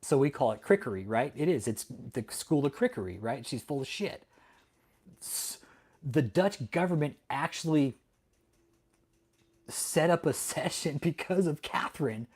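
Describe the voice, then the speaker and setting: Male streamer, casual profane commentary, heated and quick to laugh, addresses chat directly. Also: fairly high pitch, expressive, a little mellow, breathy edge. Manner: talks directly to chat viewers. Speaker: livestream host.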